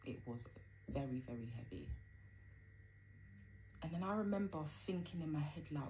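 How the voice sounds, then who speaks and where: A woman's voice: low voice, expressive, moderate pace, pauses often, dark tone, a little hiss or hum, rough recording. A woman telling a personal story in a casual, conversational way, full of fillers. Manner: conversational, frequent fillers, acts out quoted dialogue.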